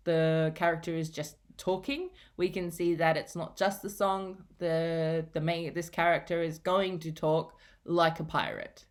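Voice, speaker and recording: Woman teacher walking through a story line by line, patient, a bit low-pitched. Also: lively intonation, measured pace, hardly any pauses. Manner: patient, explanatory, repeats key points. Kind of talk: recorded lesson on reading a novel.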